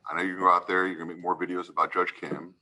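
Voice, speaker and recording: A man's voice: low-pitched, level tone, racing, pushed and bright, slight background noise, low-quality recording. A man serving as judge, giving a stern courtroom lecture and repeatedly asking "right?" to press his point.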